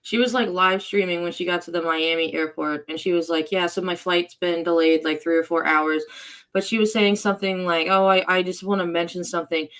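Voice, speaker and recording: A podcast co-host with a mid-pitched voice talks calmly in casual chat. The tone is even as they explain a point and steer to the next segment. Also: fairly quick, smooth.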